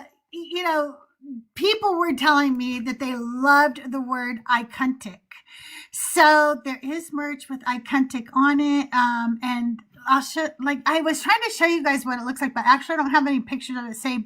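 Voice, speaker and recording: A woman's voice: high voice, a bit bright. A woman co-hosting a casual panel chat, talking bluntly with heated, profane outbursts. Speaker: podcast co-host and musician.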